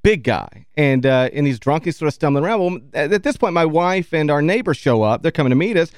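A man co-hosting a radio show, telling an anecdote in a lively way, acting out quotes and laughing often. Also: on the high side, brisk, no room sound, studio quality. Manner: animated anecdote teller who laughs often and acts out quotes. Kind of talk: casual storytelling chat. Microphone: studio microphone.

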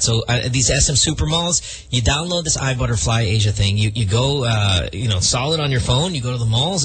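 A man's voice: medium pitch, a bit bright. A man hosting a radio show, chatting casually and stumbling through restarts. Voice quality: husky, halting with many restarts.

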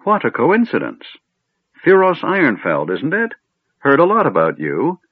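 Doddering old wizard, stern then scatterbrained, read by a man, husky, narrow audio. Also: mid-range voice, huge pitch swings, moderate pace, dry recording, voice pushed up. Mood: cheery. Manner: shifts from stern to absent-minded and chatty. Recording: narrow phone-like sound.

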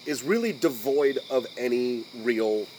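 An American man hosting a podcast, chatting casually in a General American accent at a mid pitch. He rambles through thoughts with lots of "like" and restarts, and he gets animated and squeaky when something amuses him. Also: unhurried, slight background noise, low-quality recording. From United States. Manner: rambling, many restarts and "like" fillers. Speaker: podcast host. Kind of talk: casual chat.

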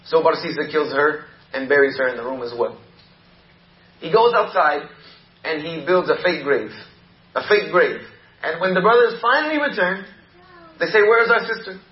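A man's voice: on the high side, sing-song, moderate pace, long pauses, reverberant, highs cut off. A male preacher telling a story in a sermon, with repetitive, emphatic delivery.

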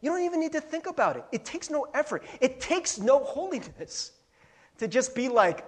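A man gives a sermon in the role of pastor, narrating a story with spirited asides and chuckles. His slightly husky voice is extremely high-pitched, delivered at a normal speed.

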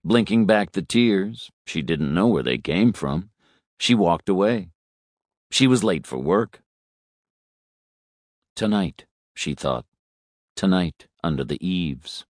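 Deep-voiced slow male narrator. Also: big pitch swings, no echo, clean studio sound. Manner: slow, deliberate reading. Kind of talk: scripted narration.

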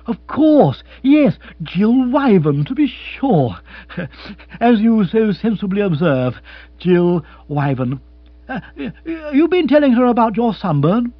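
Blustery stammering upper-class husband, as a reader plays him, high and animated, dry dull sound. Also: male voice, slow pace, no room sound, full character voice. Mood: flustered, jovial. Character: bumbling jovial upper-class English husband. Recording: dry, slightly dull audiobook.

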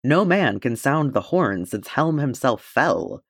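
A man's voice: mid-range voice, big pitch swings, slow pace, a bit bright, slightly rough, dry recording, studio quality, pitched above the performer's own voice, full character voice. A man reading as a doubtful warrior. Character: tall male warrior, doubtful.

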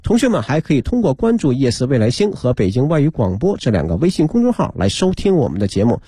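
A man hosting a children's radio program, briskly announcing broadcast times. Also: medium pitch, very animated, dark tone, slightly rough, no room sound, studio quality. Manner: brisk, informative. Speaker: radio show host. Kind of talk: closing announcement.

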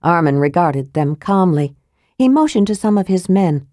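A woman narrating a fantasy audiobook in a steady, measured reading voice, close to the mic. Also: fairly low pitch, dry recording.

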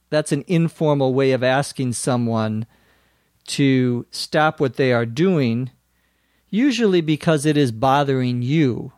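Male teacher, slow, patient explanations, dry humour, dry close recording. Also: medium pitch, a little mellow, no room sound. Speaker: English teacher, podcast host. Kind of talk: explaining a lesson.

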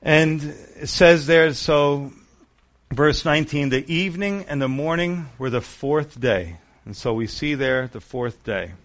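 Animated man preaching a Bible sermon. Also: fairly high pitch, unhurried. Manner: animated, emphatic preaching with asides. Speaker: pastor.

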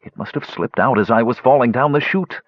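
A man's voice: mid-range voice, lively intonation, measured pace, breathy edge, no room sound. A man voicing a flustered young woman companion who answers in a small, defensive voice. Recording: dull lo-fi recording.

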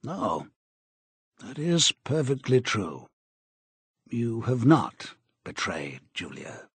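A cold, commanding interrogator, read by a man in an audiobook, slow and contemptuous. His husky voice stays measured and dry, close to the mic, with a steady mid pitch. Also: no echo, exaggerated voice. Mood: thoughtful.

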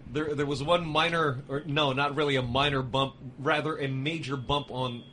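Male radio co-host, bright tone, rambling self-corrections, frequent laughter. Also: medium pitch, fairly even intonation, moderate pace, a little hiss or hum. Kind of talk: casual joking chat.

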